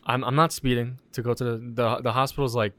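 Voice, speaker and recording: A young man telling animated stories in a casual podcast chat, swearing often and acting out what people said. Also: mid-range voice, fairly quick, no room sound. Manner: animated storytelling, swears a lot, acts out quotes.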